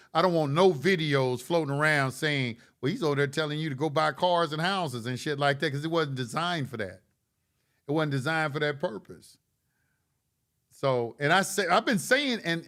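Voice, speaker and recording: A man's voice: on the high side, a bit bright. A man hosting a live stream, reading chat questions and answering them in a blunt, lecturing way with casual slang, often repeating himself.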